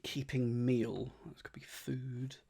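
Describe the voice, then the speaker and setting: A man's voice: medium pitch, level tone, slow pace, gravelly, dark tone, breathy edge. A man streaming himself solving a crossword, thinking aloud, repeating clues under his breath and thanking viewers by name.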